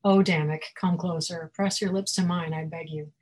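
A woman's voice: low-pitched, fairly even intonation, normal speed, darkish tone, husky. A woman voicing a wounded, defiant young heroine who speaks in a desperate, pleading way, reading her own fantasy novel aloud. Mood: mocking. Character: suffering young woman with magic, bitter and defiant.

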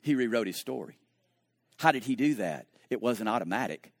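A man who is a pastor, preaching a sermon and telling a story, moving between hushed, slow moments and lively, animated stretches. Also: on the low side, no room sound, studio quality.

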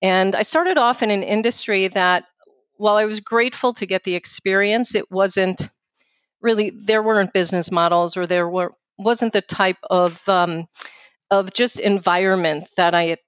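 A woman in her fifties with a New York accent, a guest speaking in an outspoken, quick, casual way with lots of "you know.". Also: medium pitch, no room sound. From New York City. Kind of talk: casual interview conversation.

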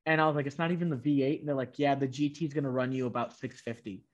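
A man chatting casually, telling a long story with many restarts and quoting salespeople in a flat voice. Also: medium pitch, very fast, highs cut off. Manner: rambling, many restarts, quotes dealers in a flat voice. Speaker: guest telling a car story. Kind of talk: casual chat.

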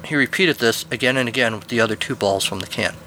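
A man's voice: medium pitch, quick pace, sharp tone, slight background noise. A man hosting a podcast, reading a scripted spooky story and outro with a dry, wry delivery.

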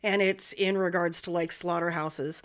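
A woman's voice: on the low side, steady tone, moderate pace. A woman hosting a podcast, telling a true-crime story in a casual, profane, blunt way.

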